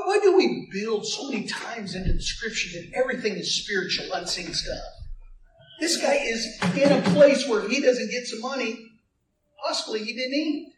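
Man, pastor, sermon, high voice, animated, call-and-response, echoey room, distant mic. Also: a little hiss or hum. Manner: animated preaching with call-and-response and playful asides.

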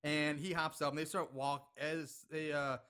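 A man's voice: fairly high pitch, flat delivery, normal speed, sharp tone, smooth. A man casually recapping a horror movie plot with a co-host, laughing often and swearing freely. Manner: laughs often, profane, retells scenes. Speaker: podcast co-host.

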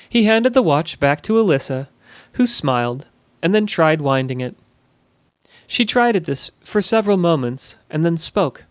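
A man narrating a fantasy storybook in a measured, even storytelling manner. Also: a little high, no echo. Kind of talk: scripted narration.

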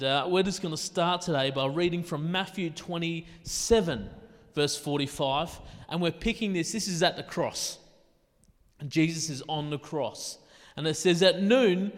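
Aussie guy preaching, chatty with little asides, kinda high voice, long echo behind him. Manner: casual and conversational, with quick asides. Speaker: pastor. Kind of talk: sermon.

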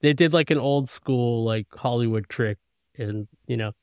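A man's voice: mid-range voice, normal speed, no room sound, studio quality. A man co-hosting a podcast, chuckling and adding details in loose, run-on sentences while recapping an episode. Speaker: podcast co-host. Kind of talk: casual episode recap chat.

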